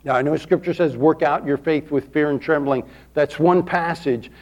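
A man's voice: fairly high pitch, normal speed, muffled recording. A man pastor preaching a folksy, emphatic sermon to his congregation in a church, repeating words for stress and asking for amens. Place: church sanctuary.

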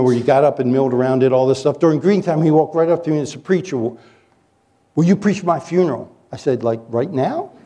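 A male pastor preaching a sermon, telling stories in an animated, joking way as he coaches his listeners. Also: mid-range voice. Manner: animated, jokey storyteller who coaches the audience. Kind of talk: sermon with storytelling.

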